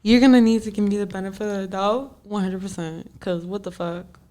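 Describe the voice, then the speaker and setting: A young woman talking casually as a podcast guest, loud, laughing often and swearing freely. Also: medium pitch, steady tone, a little fast, crowd noise. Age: young adult.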